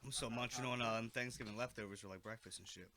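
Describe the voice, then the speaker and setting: A young man talks fast in a bright, forward voice. His slangy chat about the food is quick and loose. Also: mid-range voice, slight background noise. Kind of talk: casual chat.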